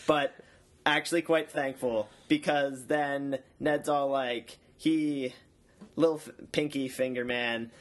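A young man talks through a show recap in a loose, comedic way. He rambles, laughs at his own jokes and keeps slipping into quick silly voices. His voice sits at an ordinary middle pitch. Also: fairly even intonation. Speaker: podcast co-host recapping a show episode.

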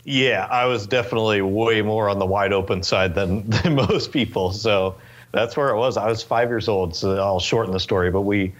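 A man in his twenties from Northern California, telling stories in a relaxed interview chat with lots of fillers and restarts. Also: lowish voice, moderate pace, dull audio. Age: 20s. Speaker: interview guest, race car driver.

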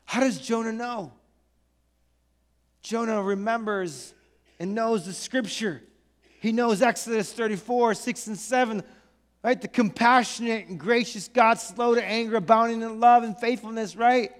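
High-voiced pastor preaching in an echoey hall. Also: male voice, measured pace. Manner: animated and conversational, with joking asides. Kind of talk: sermon. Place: church.

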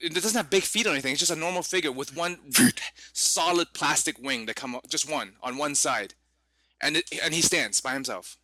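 A man's voice: on the high side, fairly quick, sharp tone, no echo. A man co-hosting a casual podcast, rambling along with the odd swear word. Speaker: podcast co-host. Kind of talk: casual chat.

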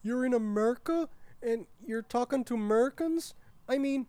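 A woman's voice: on the high side, normal speed, dark tone, no room sound, lightly acted. A woman playing a clueless, whiny young white corporate man in a comedy sketch. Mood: dismissive. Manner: whiny, dismissive.

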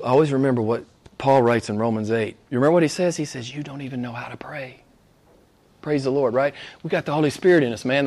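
A middle-aged male pastor preaching a sermon, swinging from hushed asides to high, emphatic exclamations.

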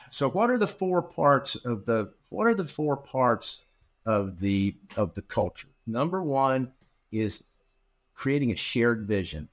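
A middle-aged man, a guest in an interview, telling a long anecdote and acting out the dialogue, with frequent restarts and repeated words. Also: medium pitch. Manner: animated storyteller who acts out quoted dialogue. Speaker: interview guest, practice management consultant. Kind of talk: storytelling in a podcast interview.

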